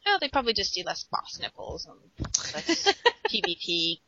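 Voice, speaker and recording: Bright-voiced woman, dry teasing chat. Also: medium pitch, big pitch swings, moderate pace, dry recording. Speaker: podcast co-host. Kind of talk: casual chat. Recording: dull lo-fi phone-call audio.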